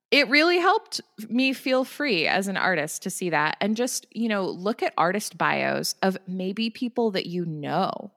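Low-voiced chatty woman, reverberant room. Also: vocal fry, fairly bright tone. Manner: chatty storyteller, emphatic, says "like" often. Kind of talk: casual conversation.

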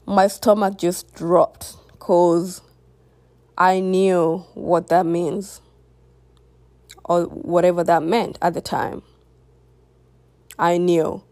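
A woman's voice: on the low side, flat delivery, drawn-out words, pauses often, a little mellow, no echo. A young woman telling a personal story to her viewers in a candid, reflective way. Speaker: vlogger. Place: home near a busy road.

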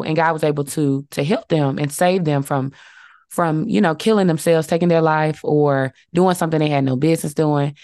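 A woman's voice: deep voice, mellow, dry recording, studio quality. A woman co-hosting a faith podcast, talking in an earnest, reflective way with many fillers. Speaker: podcast co-host. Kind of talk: casual faith podcast chat.

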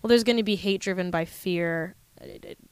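Woman chatting candidly, smooth clear voice, dry close sound, laughs a lot. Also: fairly low pitch, a little fast, no echo. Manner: candid, laughs often, quotes people in voices. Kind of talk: casual conversation.

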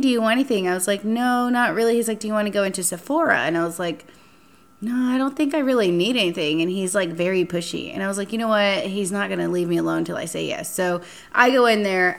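A young woman hosting a casual podcast chat, telling a dating story with lively acted-out quotes and frequent swearing. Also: mid-range voice, gravelly. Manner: animated, acts out quotes, swears freely. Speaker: podcast host.

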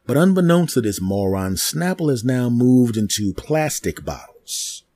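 Animated male comedy podcaster telling a story. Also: mid-range voice, measured pace, dry recording. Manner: animated, repetitive, with mouth sound effects. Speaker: podcast host.

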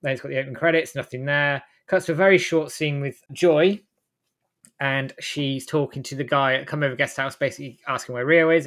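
A man hosting a casual chat, walking through a story scene by scene in a loose, rambling way. He stops mid-sentence to correct names and details as he goes. His voice sits at an ordinary middle pitch. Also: fairly bright tone. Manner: rambling, self-correcting plot retelling. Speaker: host recapping a game.

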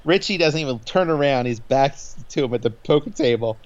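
A man's voice: medium pitch, lively intonation, a little fast. Rambling man recapping, lo-fi sound. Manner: rambling recap with many fillers, quotes lines in passing. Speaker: podcast co-host recapping an episode. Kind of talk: casual chat.

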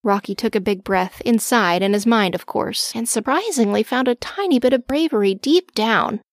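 A woman narrating a children's storybook in a gentle, expressive way. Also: a little high, normal speed, no room sound, studio quality.

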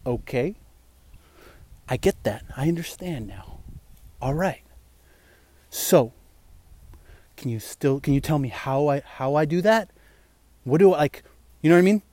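A man's voice: high voice, very fast, warm tone, dry recording, lightly acted. Man plays an overwhelmed gym newbie, hesitant, spilling out questions, dry close mic. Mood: bewildered. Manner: hesitant, then a flurry of anxious questions. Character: confused male gym newcomer, overwhelmed.

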